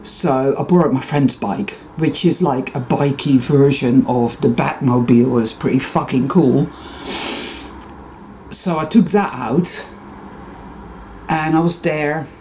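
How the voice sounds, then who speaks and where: A man with a mellow, rounded voice wanders through a loose monologue. He swears freely and breaks off his own sentences to go off on tangents. A faint hiss sits under the recording. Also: medium pitch, slow pace. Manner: profane, digressive, frequent self-interruptions. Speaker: vlogger. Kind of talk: rambling personal monologue.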